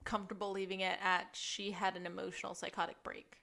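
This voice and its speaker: A woman co-hosting a podcast, casually recapping a TV episode and acting out lines in a high, excited voice. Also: a little fast, vocal fry. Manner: animated, acts out quoted lines in a high voice. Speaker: podcast co-host.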